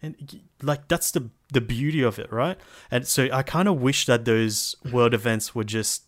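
A young man in casual chat about a video game, rambling in a relaxed way with many fillers. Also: mid-range voice, normal speed.

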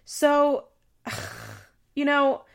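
A woman's voice: high-pitched, monotone, drawn-out words, fairly bright tone. A woman hosting a podcast, giving casual commentary in a chatty way full of fillers. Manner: chatty, heavy on fillers like "like" and "you know". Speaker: podcast host.

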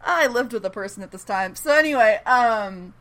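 A lively woman hosting a podcast in loose, casual chat. Her voice sits a little high and bright, swooping up and down as she gets worked up. She laughs often and swears freely. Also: moderate pace. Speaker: podcast host. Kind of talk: casual TV episode recap chat.

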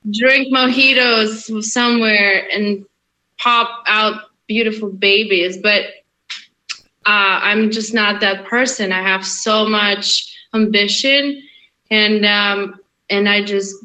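A woman's voice: mid-range voice, steady tone, takes it slowly, bright, forceful tone, rough recording. A woman from Russia, a guest in a casual interview, candid and earnest, who laughs often.

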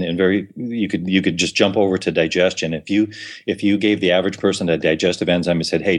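A man talking casually as a podcast guest, with many restarts and repeated words. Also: low-pitched.

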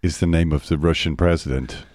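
Deep-voiced man, rambling football chat. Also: fairly even intonation, fairly quick, darkish tone, no room sound, studio quality. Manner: rambling, self-interrupting, restarts sentences often. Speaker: podcast co-host.

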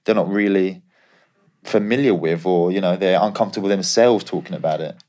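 A man's voice: sits low, brisk, a little mellow. A man co-hosting a podcast, a former professional footballer telling candid stories in casual chat. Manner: candid, anecdotal storytelling.

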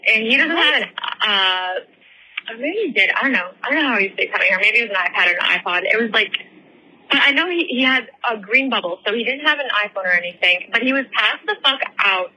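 Bright-voiced woman telling a rambling story. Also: on the high side, expressive, quick pace, a little hiss or hum, low-quality recording. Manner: swears constantly, rambling with many fillers. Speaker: podcast host. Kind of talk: casual storytelling. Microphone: headphone microphone.

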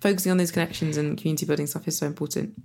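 A woman's voice: sits low, steady tone, rapid-fire, creaky, a little mellow. A woman co-hosting a podcast, speaking reflectively in casual conversation, with many fillers and restarts. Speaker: podcast co-host and author.

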